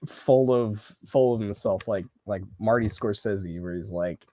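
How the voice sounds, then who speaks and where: A man's voice: fairly low pitch, measured pace, dark tone, dry recording. Fields: man, host, dry close sound. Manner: easygoing, frequent backchannel "yeah". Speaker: film podcast host. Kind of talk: casual interview chat.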